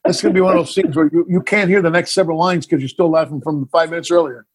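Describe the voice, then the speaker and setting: Middle-aged male filmmaker guest, husky tone, lively storyteller who acts out scenes. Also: on the high side, quick pace. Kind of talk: casual interview chat.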